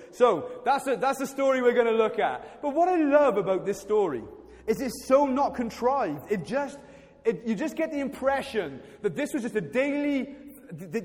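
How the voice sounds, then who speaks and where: Chatty high-voiced male preacher in a reverberant hall. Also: darkish tone. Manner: chatty, self-deprecating, many restarts. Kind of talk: sermon.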